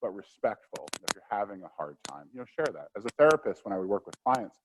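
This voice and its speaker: A man presenting a workshop lecture in a conversational way, acting out quotes, with steady noise behind. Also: on the low side, quick pace.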